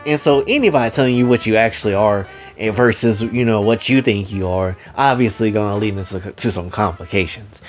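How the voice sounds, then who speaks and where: A young man casually narrating a story in rambling, slangy speech. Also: on the low side.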